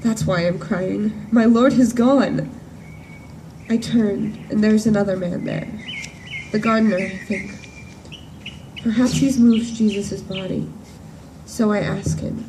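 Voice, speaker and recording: A woman's voice: mid-range voice, steady tone, noisy background, close to an everyday voice. A woman playing a grieving woman disciple. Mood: wondering. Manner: earnest, measured, with emphatic repetitions. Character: grief-stricken woman disciple at the empty tomb. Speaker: performer of a church monologue. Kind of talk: dramatic first-person monologue. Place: church service at sunrise. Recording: distant voice with faint room ambience.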